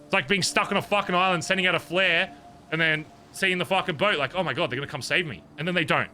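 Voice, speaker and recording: A man's voice: high voice, fast talker, bright, forceful tone, a little hiss or hum. A man staying in character during a roleplay conversation, venting in a heated, profane retelling. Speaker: streamer in character.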